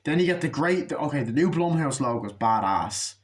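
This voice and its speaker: A young man giving a casual, profane movie review, ranting and acting out scenes in quick put-on voices. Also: on the high side, animated.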